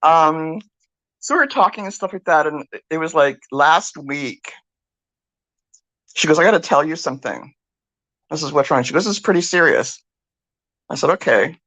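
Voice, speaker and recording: An older woman co-hosting a talk show, telling a story in a chatty, animated way, acting out what others said and swearing freely. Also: sits low, moderate pace, pauses often, no room sound. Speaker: podcast co-host. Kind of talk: casual storytelling.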